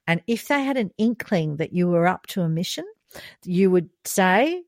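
A woman's voice: fairly low pitch, normal speed, dry recording. Woman in her fifties, podcast co-host, laughing storyteller, dry booth sound. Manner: lively, laughs often while telling stories. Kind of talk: casual storytelling chat.

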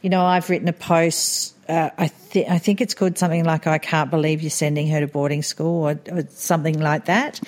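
A middle-aged woman hosting a podcast with a slightly low voice. She tells stories easily and jumps into other people's voices when she quotes them. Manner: storytelling, acts out quoted voices. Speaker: podcast host, mother. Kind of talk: casual chat.

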